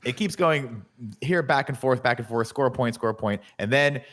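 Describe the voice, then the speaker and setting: A man co-hosting a podcast, retelling a movie plot in an animated, profane, casual way. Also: mid-range voice, moderate pace. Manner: animated, profane storytelling with acted-out quotes. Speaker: podcast co-host. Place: studio.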